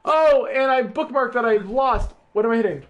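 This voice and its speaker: A man casually reading a film script aloud with friends, playful and often laughing. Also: normal speed. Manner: playful, laughing, animated with big pitch swings. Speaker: script reader.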